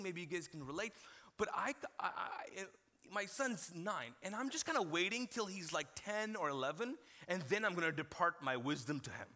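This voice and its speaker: A male pastor in his thirties giving a sermon, talking to the congregation like friends and joking as he tells stories. His voice sits high for a man and has a bright, forceful edge. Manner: conversational storytelling with humor, addressing the congregation.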